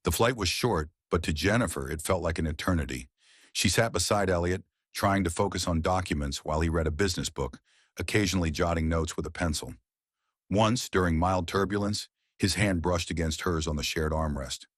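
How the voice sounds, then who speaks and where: A man with a very low, husky voice reads a romance story in a calm, measured audiobook style. The recording is close and dry with no room sound. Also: no echo. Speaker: narrator. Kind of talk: scripted audiobook narration.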